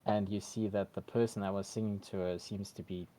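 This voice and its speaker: A man narrating his character's actions in a tabletop role-play game, soft-spoken and halting. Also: on the low side, flat delivery, rough recording. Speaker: player. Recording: remote call audio.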